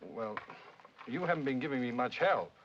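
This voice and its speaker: An actor playing a flustered, stammering French army officer in a 1940s screwball film comedy. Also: male voice, medium pitch, animated, normal speed, fairly bright tone. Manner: bumbling, stammering, protesting. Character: flustered, sleepy male French officer in love. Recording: dull, hissy 1940s film soundtrack.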